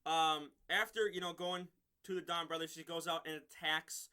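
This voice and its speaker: A man with a high, very bright, cutting voice talks through a TV episode in a loose, casual review. He rambles and chuckles often as he recaps. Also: fairly even intonation, moderate pace, smooth.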